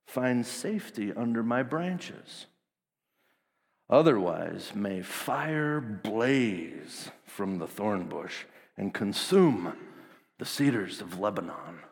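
A man voicing a thorn bush that threatens fire, slow and ominous. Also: lowish voice, big pitch swings, vocal fry, full character voice. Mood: menacing. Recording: long hall reverb, off-mic.

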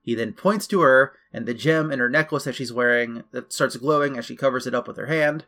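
A man's voice: medium pitch, brisk, hardly any pauses, sharp tone. A man casually recapping a video game story, chatty with loose asides. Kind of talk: casual chat.

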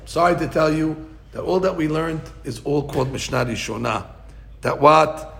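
A man's voice: a little high, normal speed, creaky, a bit bright. A man teaching a Talmud class, thinking aloud and restarting often, with Hebrew and Aramaic terms mixed into his English.

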